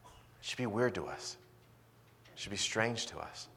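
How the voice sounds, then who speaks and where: A male pastor preaching a sermon, swinging between loud emphasis and quiet asides. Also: fairly low pitch, animated, unhurried, vocal fry.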